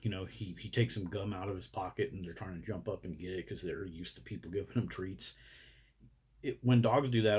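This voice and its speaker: A man's voice: sits low, fairly quick, darkish tone, husky. A man delivering a blunt, indignant, profanity-laced rant to camera as a vlogger. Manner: blunt, indignant, heavy swearing.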